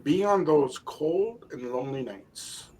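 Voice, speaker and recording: A man's voice: on the high side, expressive, slow pace, darkish tone, poor audio. Guy interviewing on the radio, keeps restarting his questions, a little noise in the background. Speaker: radio show host.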